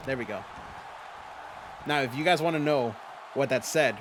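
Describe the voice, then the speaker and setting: A man's voice: mid-range voice, normal speed, long pauses, a bit bright, slight background noise. A man hosting a livestream, chatting playfully with his viewers while commentating a wrestling game. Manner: chatty and playful, talks straight to chat viewers. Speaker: streamer hosting a fantasy wrestling league.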